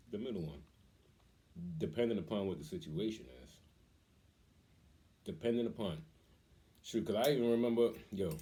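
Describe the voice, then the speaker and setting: A middle-aged man and father telling family stories in a casual, animated way, acting out the voices he quotes and laughing often. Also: fairly low pitch. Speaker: vlogger, father. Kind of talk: casual storytelling.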